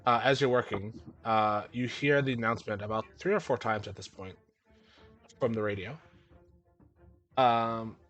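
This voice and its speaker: A man running a tabletop game as game master, narrating scenes in a halting way with many fillers. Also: lowish voice, fairly bright tone, soft background music.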